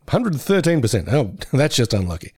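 A man's voice: mid-range voice, very noisy. A man co-hosting a podcast in casual chat, laughing often and fond of slipping into voices. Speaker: podcast co-host.

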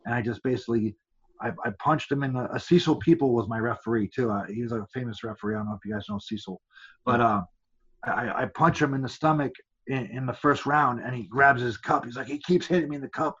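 A man's voice: medium pitch, steady tone, fast, fairly bright tone, breathy edge, lo-fi sound. A man, a former fighter, telling rambling stories as a podcast guest, stumbling and restarting often and acting out other people's lines. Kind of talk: casual storytelling.

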